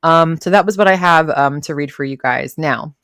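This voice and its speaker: A woman with a low voice chats casually on her live stream, rambling between posts and greeting viewers by name. Her voice is recorded close and dry, with no room sound around it. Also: moderate pace, a bit bright, no echo. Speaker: livestream host reacting to commentary.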